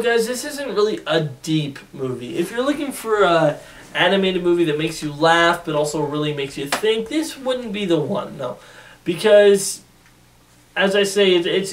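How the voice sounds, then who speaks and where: Rambly movie reviewer, keeps restarting and saying you know, mic kinda far off with some hiss. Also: medium pitch. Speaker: film reviewer. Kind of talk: casual spoken movie review. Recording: distant mic with faint hiss.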